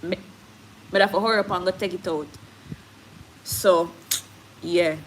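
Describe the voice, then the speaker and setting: Jamaican woman, lower voice, candid live-stream host who mixes in patois, faint hiss behind. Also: steady tone, measured pace, low-quality recording. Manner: candid, switching into patois, reads viewer comments. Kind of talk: casual live-stream chat.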